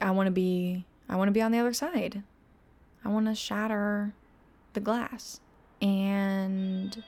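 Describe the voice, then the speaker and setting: A woman in her twenties talks alone at home as a podcast host. Her voice sits in a middle pitch range. She sounds candid and self-mocking and swears often. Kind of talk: casual confessional monologue.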